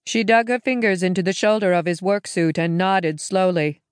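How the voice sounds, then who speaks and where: A woman narrating a science fiction audiobook in a measured, even storytelling manner. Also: mid-range voice, smooth, dry recording, studio quality.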